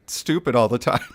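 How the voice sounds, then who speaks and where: A man's voice: a little high, fairly bright tone, breathy edge. A man streaming live, reading a game story aloud in a playful, self-mocking way.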